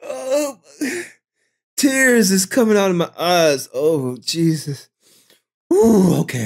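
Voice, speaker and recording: Lively, slow-talking male stream host. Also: high voice. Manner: loose and profane, slangy; unguarded, swings between drawl and squeals. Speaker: livestream host. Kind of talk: casual live-stream commentary.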